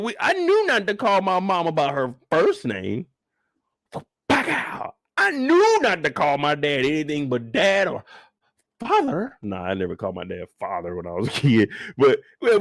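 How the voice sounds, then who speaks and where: A man hosting a live after-show stream, reacting to a TV episode in animated, joking, casual commentary aimed straight at his viewers. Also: high voice, vocal fry, no room sound, studio quality. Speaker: host reviewing a TV episode.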